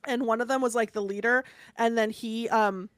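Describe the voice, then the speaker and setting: A woman's voice: fairly high pitch, moderate pace, no room sound. Chatty woman telling a story. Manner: chatty, animated storyteller with many fillers. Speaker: podcast co-host. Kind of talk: casual chat, storytelling.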